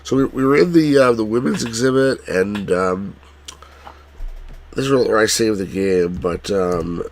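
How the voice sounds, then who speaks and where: A man's voice: on the low side, measured pace, a little hiss or hum. A man streaming a text adventure, talking hesitantly and grumbling about the puzzles. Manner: hesitant, many fillers and restarts, frustrated at the game. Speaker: streamer playing the game. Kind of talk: casual let's play commentary.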